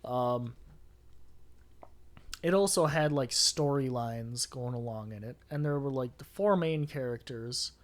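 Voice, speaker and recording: A young man co-hosting a podcast, chatting casually, stumbling and correcting himself, quick to laugh. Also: medium pitch. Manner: chatty, self-correcting, hesitant, laughs easily. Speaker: podcast co-host. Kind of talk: casual chat.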